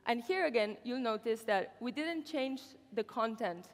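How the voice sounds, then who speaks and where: A woman's voice: on the high side, expressive, moderate pace, big-room sound. A woman presenting at a conference in an upbeat way, with the odd filler. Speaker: conference speaker. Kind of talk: keynote presentation. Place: conference hall.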